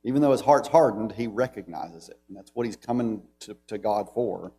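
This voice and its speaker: Teaching a church Bible class, a man with a Southern American accent talks in a relaxed, conversational, brisk manner. His voice is low, mellow and warm, and he reads scripture aloud with emphasis over a faint hum.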